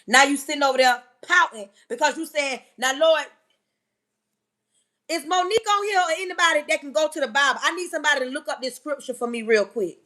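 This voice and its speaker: A woman preaching on a live stream, emphatic and yelling, firing rhetorical questions at her listeners. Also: high voice. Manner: yelling and emphatic, banging on the table.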